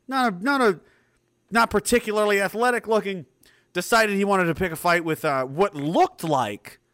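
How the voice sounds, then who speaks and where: Animated, profane man rambling through a story. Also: on the high side, dry recording, studio quality. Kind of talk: casual storytelling to a live chat.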